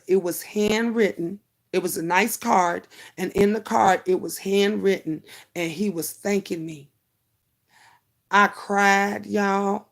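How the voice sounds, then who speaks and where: A woman's voice: medium pitch, fairly bright tone. Emotional storytelling woman, chatty livestream host. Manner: chatty, emotional storytelling, addresses viewers as honey and y'all. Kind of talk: casual storytelling to viewers.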